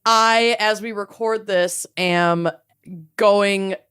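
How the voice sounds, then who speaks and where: A woman in her thirties co-hosts a casual podcast. She tells stories in a chatty way at a mid pitch, swears freely and laughs along as she talks. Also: fairly even intonation, very slow, a bit bright, smooth. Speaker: co-host. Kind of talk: casual chat. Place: home studio, video recorded.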